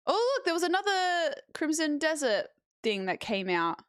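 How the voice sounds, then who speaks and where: A woman's voice: sits high, very animated, moderate pace. Chatty young woman streamer. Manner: chatty, slangy, laughs easily. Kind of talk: casual chat.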